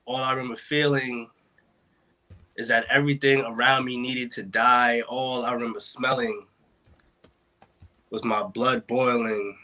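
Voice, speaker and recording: A man's voice: mid-range voice, fairly even intonation, a little slow, long pauses, pushed and bright. A man performing spoken word poetry at an online open mic over a video call. His delivery is rhythmic, builds in intensity, and leans on wordplay. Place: home, joining a virtual open mic.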